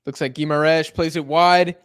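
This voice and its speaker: A man's voice: on the high side, normal speed, clear, resonant tone, no room sound, studio quality. A young man co-hosting a live watch-along, casually calling the football action as it unfolds and chatting between moves. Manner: relaxed, calls the play as it happens. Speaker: co-host of a match watch-along. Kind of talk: casual play-by-play commentary.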